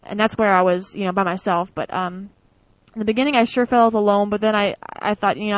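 A woman's voice: mid-range voice, a little fast, dry recording, low-quality recording. Chatty young American woman, dry close sound. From United States. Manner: chatty, many fillers, acts out quoted voices. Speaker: former exchange student. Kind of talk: casual interview storytelling.

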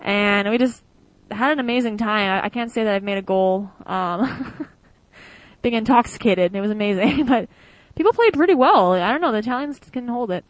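A woman's voice: fairly high pitch, lively intonation, normal speed, no room sound, poor audio. A young woman from the United States tells stories casually in an interview, chatty with many fillers and with quoted voices acted out. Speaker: former exchange student.

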